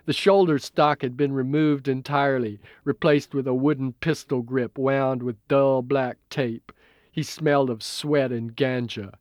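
A man with a medium-pitched voice reads a novel aloud as an audiobook, giving a measured, even narration of the script. The studio sound is clean with no echo.

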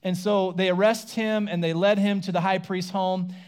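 A man's voice: sits high, steady tone, normal speed, a little mellow, clean tone. A man preaching a sermon in a casual, conversational way, retelling scripture and acting out the characters' lines. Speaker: pastor.

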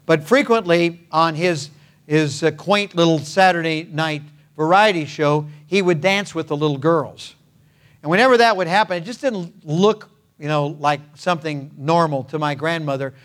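An older man preaching an earnest sermon, repeating phrases and pausing between thoughts. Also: a little high, fairly bright tone. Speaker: pastor.

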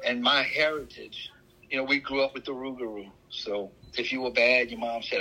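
A middle-aged Louisiana man with a bright, sharp edge to his voice and a husky rasp underneath. He tells stories in a folksy, animated way, leaning hard on his words. He sounds like a casual podcast chat. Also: medium pitch, poor audio. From Louisiana, USA. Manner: animated, folksy storyteller with drawn-out emphasis. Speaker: podcast co-host.

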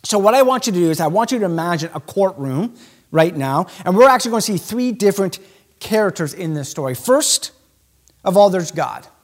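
A man preaching a sermon with emphatic, animated delivery. His voice sits high for a man and swings widely in pitch. He speeds up and slows down to land each point. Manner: animated, emphatic preaching with sudden shifts in pace. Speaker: pastor.

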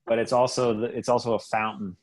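A man's voice: mid-range voice, flat delivery, fairly quick. A man guesting on a podcast, joking around in casual chat and leaning on filler words like "like" and "you know.".

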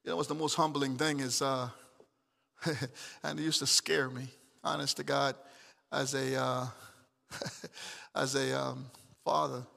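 A middle-aged pastor preaching a sermon, swinging from shouted emphatic calls to soft, chuckling storytelling. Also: male voice, on the high side, creaky, in a large hall.

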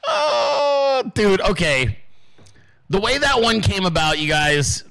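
A man's voice: sits high, expressive, measured pace, sharp tone. A male podcast host talking casually, swearing freely and rambling between laughs. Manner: profane, rambling, laughs often. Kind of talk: casual political commentary.

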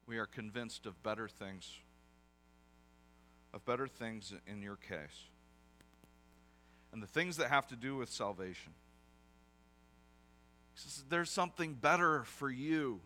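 Bright-voiced male pastor preaching. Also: mid-range voice, slow pace, long pauses, soft background music. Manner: conversational preaching with self-deprecating asides. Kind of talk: sermon.

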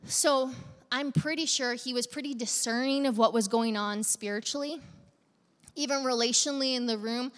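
A woman's voice: fairly high pitch, a bit bright, smooth. Conversational woman preaching in a reverberant hall. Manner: conversational, engaging congregation with direct questions. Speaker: pastor. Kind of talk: sermon.

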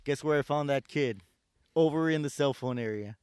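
A man chats casually, venting about customers at his store job and playing out their lines. His voice is smooth and resonant at a middle pitch. The sound is dry and close. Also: normal speed, a little mellow, no room sound. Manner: ranting storyteller, swears, acts out customers. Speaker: store door greeter in customer service. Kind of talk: casual chat.

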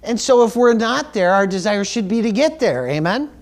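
A man's voice: high-pitched, sing-song, moderate pace. A male pastor preaching a sermon, earnest and emphatic, often repeating words and asking the congregation "Amen?". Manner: calls for audience responses like "Amen?".

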